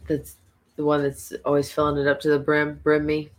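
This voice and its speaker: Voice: mid-range voice, monotone, a little fast. A podcast co-host in casual chat, laid-back and chatty, often laughing.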